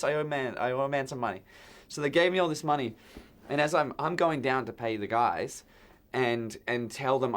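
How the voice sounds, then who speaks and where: A man in a casual chat, telling an anecdote with lively acted-out quotes and frequent stumbles, from Australia with an Australian accent. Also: mid-range voice, a little fast. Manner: animated storytelling, acts out quoted voices, stumbles and repeats words. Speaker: band member guest programmer.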